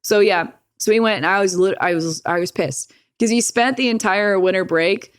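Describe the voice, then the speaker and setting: A woman's voice: mid-range voice, moderate pace, smooth, no room sound, clean studio sound. A young woman, a podcast guest, telling a personal story in casual talk, swearing freely and laughing often.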